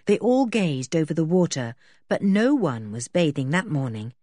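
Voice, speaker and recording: A woman narrating a children's storybook in an expressive reading style. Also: low voice, normal speed, no room sound, clean studio sound. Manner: expressive, even-paced reading.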